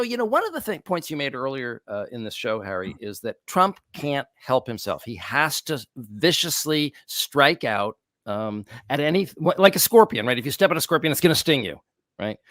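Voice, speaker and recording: A psychologist co-hosting a casual podcast discussion, an animated storyteller who laughs often. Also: male voice, mid-range voice, no echo, studio quality. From United States. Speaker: psychologist and co-host.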